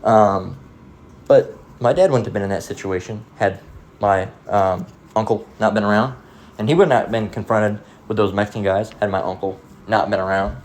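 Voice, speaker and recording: A man's voice: lowish voice, normal speed, a little mellow. A man giving a casual, profane sermon-style monologue, rambling through stories and acting out the voices of people in them. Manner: acts out voices in quoted dialogue. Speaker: preacher.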